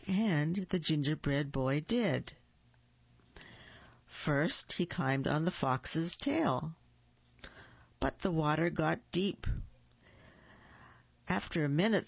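A woman reads children's storybooks aloud in a deliberate, expressive way. Her voice is slow and gravelly. The recording is dry, dull and lo-fi. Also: low-pitched, dry recording. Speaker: storybook reader. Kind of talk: reading children's books aloud.

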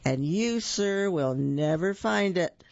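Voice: mid-range voice, expressive, takes it slowly, creaky, darkish tone, no room sound, highs cut off. A reader doing a stern old grandmother.

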